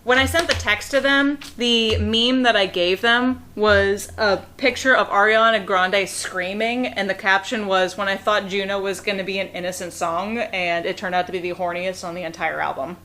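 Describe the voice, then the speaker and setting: A young woman from the Pittsburgh area with a Pittsburgh accent, a guest on a casual podcast, talking in an animated way with quick asides and laughs. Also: mid-range voice, a little hiss or hum. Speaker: guest reviewer.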